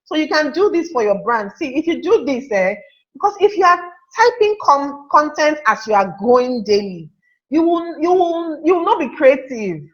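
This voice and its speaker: A chatty woman teaches a live webinar, her fairly high voice bouncing between points and viewers' comments. The sound is a little dull, like audio from an online call. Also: sing-song, normal speed. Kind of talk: live online class talk.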